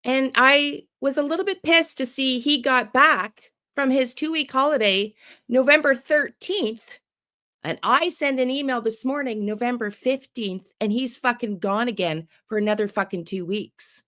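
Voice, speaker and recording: A woman's voice: high-pitched, a little slow, sharp tone. An older woman hosting a true crime channel, angry and swearing heavily, sick with the flu and tired. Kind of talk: angry live video rant.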